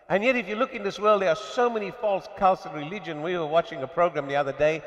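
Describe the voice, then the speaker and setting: A male preacher delivers a sermon, his voice sitting a little high and surging into emphatic peaks before dropping low. The recording is muffled and carries the long reverb of a church hall. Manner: rising and falling with emphatic bursts.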